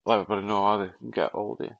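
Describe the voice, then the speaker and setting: A man's voice: fairly low pitch, steady tone, rapid-fire, gravelly, muffled recording. An English man hosting a podcast, chatting casually over a remote call in a laid-back way, laughing often and calling his guest mate. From England. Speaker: podcast host. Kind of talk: casual conversation.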